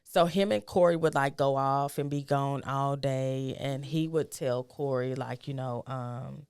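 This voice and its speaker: A woman's voice: measured pace, darkish tone, smooth, no echo. A middle-aged woman, a guest, telling a personal story and acting out the dialogue in it, her voice rising with emotion. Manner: emotional, acts out quoted dialogue with rising pitch.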